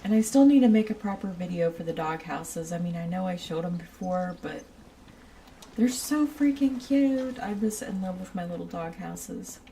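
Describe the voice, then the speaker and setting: A woman's voice: on the low side, a little fast, few pauses, warm tone, far from the mic, slight background noise. A woman streaming a building game, rambling and giggling as she chats with her viewers. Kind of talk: casual chat while playing a building game.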